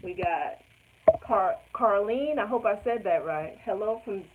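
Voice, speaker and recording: A woman's voice: mid-range voice, unhurried. A woman hosting a casual live stream, reading viewers' comments aloud and laughing often. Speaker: quilting channel host. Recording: tinny phone-like sound with loud background noise.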